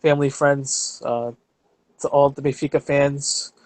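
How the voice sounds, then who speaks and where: A man's voice: medium pitch, flat delivery, a little slow, dry recording. A male podcast co-host chatting casually, full of fillers and losing his train of thought.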